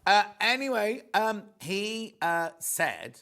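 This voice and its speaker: This male shopping-channel presenter speaks a little slowly in a high, very animated voice with vocal fry and a sharp tone. Live from the TV studio, he chats through a sales demo in a gushing, meandering way, tossing in lots of asides.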